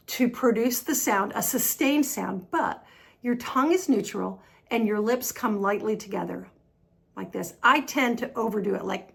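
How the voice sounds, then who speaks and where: Woman, American accent, pronunciation tutor, patient, slow demonstrations, slightly high voice, gravelly. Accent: General American. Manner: patient, upbeat, demonstrates sounds slowly and repeatedly. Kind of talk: online pronunciation lesson.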